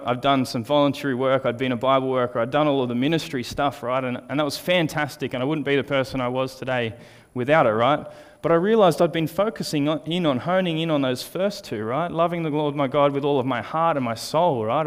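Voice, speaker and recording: Man preaching in an echoey hall. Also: mid-range voice. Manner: conversational, often adds "right?". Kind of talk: sermon. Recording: long hall reverb.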